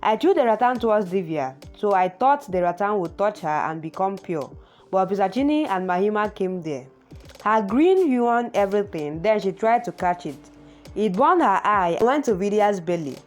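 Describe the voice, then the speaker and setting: A woman narrating a TV series plot recap, reading out the characters' lines in a lively, sing-song way. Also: mid-range voice, normal speed, faint music behind.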